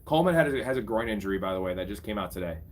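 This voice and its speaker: A man's voice: fairly low pitch, animated, racing, a little mellow, a little hiss or hum. A young man casually commentating a live fantasy football draft, bantering with his chat and swearing freely. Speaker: fantasy football streamer host.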